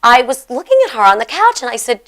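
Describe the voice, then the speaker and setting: A middle-aged woman hosting a show, telling her story in a chatty, animated way. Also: a little high, fast talker. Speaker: host. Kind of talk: casual chat.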